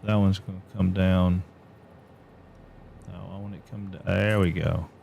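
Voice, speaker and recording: A man with a low, gravelly voice talks half to himself as he plays and builds. He mutters plans and second thoughts in a casual, unhurried way, with a faint hiss behind him. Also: little pitch movement, a little mellow, highs cut off. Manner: muttering, thinking aloud while building. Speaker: streamer. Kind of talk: casual gameplay commentary.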